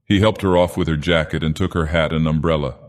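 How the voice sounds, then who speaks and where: Grave theatrical storyteller, man, very low voice, long hall reverb. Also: fairly even intonation. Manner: slow, grave theatrical villain persona. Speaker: audiobook narrator. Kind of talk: scripted storybook narration.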